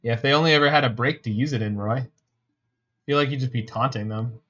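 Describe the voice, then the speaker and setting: A man with a mid-pitched voice talks through his card game in a loose, wry way and throws jokes back at his chat. His voice comes through a slightly dull, lo-fi mic. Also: fast talker, fairly bright tone. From Canada. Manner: wry, joking, answers chat. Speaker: streamer. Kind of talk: casual gameplay commentary.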